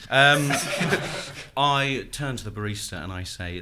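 A man's voice: medium pitch, lively intonation, slow pace, background noise. A man telling an improvised comic story, hesitant and full of fillers and laughs. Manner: rambling, hesitant, laughing often. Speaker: comedy game player.

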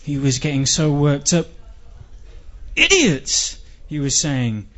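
Dry rambling English man, high voice. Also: steady tone, normal speed. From England. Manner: dry, rambling, self-deprecating delivery with sudden shouted outbursts. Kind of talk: comic monologue. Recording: dull lo-fi recording.

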